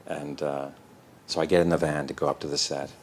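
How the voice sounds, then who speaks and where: A man, a guest in an interview, telling animated, self-deprecating stories and acting out the voices. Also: very deep voice, fairly quick, slight background noise. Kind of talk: anecdotal storytelling in an interview.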